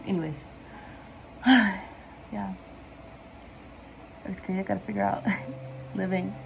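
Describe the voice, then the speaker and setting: A woman's voice: medium pitch, steady tone, unhurried, vocal fry, pauses often, dark tone, a little hiss or hum, low-quality recording. A young woman chatting casually in a vlog, rambling from one tangent to the next in slangy speech and laughing often, recorded on her phone at home. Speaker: vlogger.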